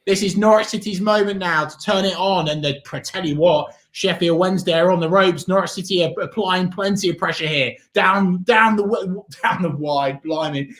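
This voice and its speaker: Footy fan guy on a watchalong, high voice, rowdy and giggly. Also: moderate pace, hardly any pauses. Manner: boisterous, shouts and sings at goals. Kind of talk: excited football watchalong chat.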